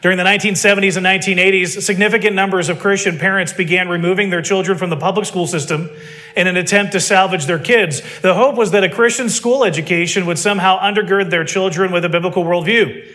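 Emphatic preacher with a high voice. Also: male voice, fairly even intonation, fast talker, sharp tone. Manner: emphatic, full of rhetorical questions. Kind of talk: sermon.

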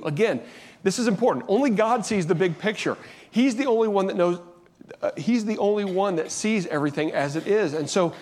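A man's voice: fairly high pitch, darkish tone. A middle-aged man preaching a sermon as pastor, earnest and conversational, often restarting his sentences.

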